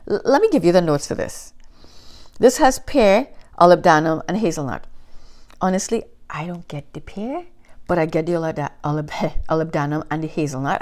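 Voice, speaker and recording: Lively woman gushing about fragrances. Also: fairly low pitch. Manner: enthusiastic, animated storytelling. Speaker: fragrance reviewer. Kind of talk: casual chat to camera. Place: Canada.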